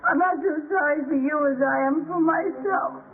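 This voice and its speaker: A woman's voice: high-pitched, normal speed. An actress playing a pleasure-loving young showgirl who complains about her lot in a petulant way, on an old film soundtrack. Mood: self-pitying. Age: young adult. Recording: tinny early-1930s film soundtrack with music.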